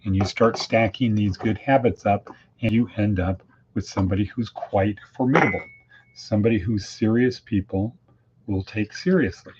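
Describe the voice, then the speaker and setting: Low-voice guy rambling on his daily podcast, folksy sayings, muffled lo-fi audio. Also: normal speed, darkish tone. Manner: folksy, plain-spoken, full of idioms. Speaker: podcast host. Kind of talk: casual daily podcast monologue. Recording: dull lo-fi with faint hiss.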